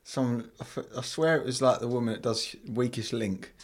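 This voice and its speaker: A man's voice: mid-range voice, steady tone, brisk, breathy edge. A man co-hosting a podcast, teasing his friend and cracking jokes in casual banter. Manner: teasing, jokey interjections. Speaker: podcast co-host.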